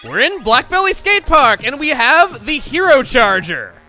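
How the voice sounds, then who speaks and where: A man's voice: very high-pitched, very animated, a little slow, bright, forceful tone, soft background music. A man hosting a gaming video, chatting playfully and mocking himself as he plays. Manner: playful, self-mocking, chatty while playing. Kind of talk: let's play commentary.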